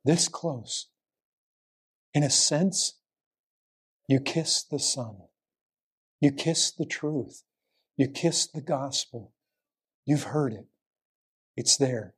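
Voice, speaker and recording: Husky-voiced man preaching a sermon. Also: very slow, pauses often. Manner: emphatic, full of rhetorical questions; swings between raised urgent lines and low hushed ones.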